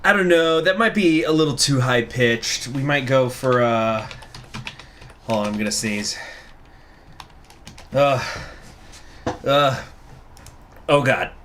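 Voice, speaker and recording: Male streamer, laid-back slow delivery, casual chatter, faint hiss. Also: mid-range voice, fairly bright tone. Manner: chatty, self-deprecating. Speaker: game streamer. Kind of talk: casual livestream commentary.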